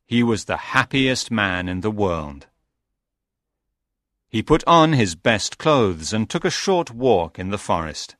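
A man narrating a simple storybook slowly and deliberately. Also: on the low side, a bit bright, no room sound, studio quality. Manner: slow and deliberate.

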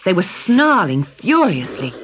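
A woman narrating a children's story slowly and expressively. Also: mid-range voice, big pitch swings, a bit bright. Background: background music.

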